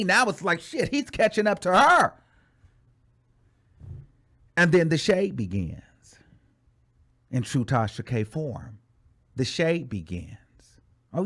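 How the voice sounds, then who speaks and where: A young adult man hosting a gossip commentary show, animated and dramatic, with sassy asides. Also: sits high.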